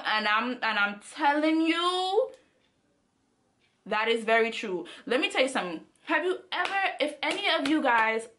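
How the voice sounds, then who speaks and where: Young woman vlogger, high-pitched and bright, animated and chatty storytime delivery. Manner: animated, chatty, speaks straight to viewers. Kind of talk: casual storytime.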